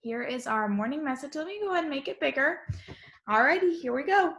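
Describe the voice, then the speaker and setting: A woman teacher giving an online lesson to young children, speaking in a slow, sing-song, encouraging way on a computer mic. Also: high-pitched, lively intonation, fairly bright tone.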